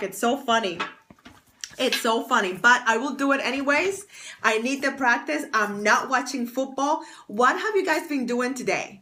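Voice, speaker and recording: A woman's voice: sits high, moderate pace, pushed and bright. A woman hosting a casual livestream as a fashion stylist and confidence coach, chatty and bubbly, thanking viewers by name. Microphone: external mic on phone stream.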